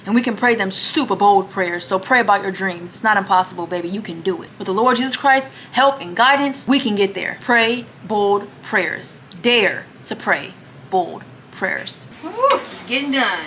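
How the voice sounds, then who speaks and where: A young woman with a drawl chatting casually at home for her vlog, lively and teasing, often calling people baby. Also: medium pitch, brisk, hardly any pauses, slight background noise. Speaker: vlogger. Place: home kitchen.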